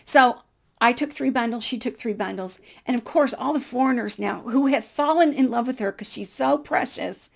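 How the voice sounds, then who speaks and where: Middle-aged woman, vlog storyteller, animated delivery, slightly high voice with a gravelly edge. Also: fairly quick. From United States. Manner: lively, animated storyteller who acts out dialogue. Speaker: vlogger. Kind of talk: personal storytelling.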